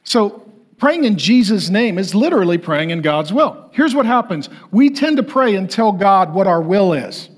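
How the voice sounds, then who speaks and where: Middle-aged male pastor, lively high preaching voice with a husky edge, jokes and acts out others. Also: moderate pace. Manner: animated, jokey, acts out voices. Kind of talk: sermon.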